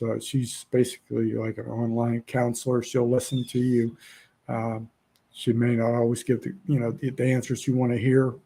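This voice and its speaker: Gravelly, flat-voiced man around sixty. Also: medium pitch. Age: about 60. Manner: bleak, blunt and emotional. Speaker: podcast guest. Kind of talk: candid interview talk.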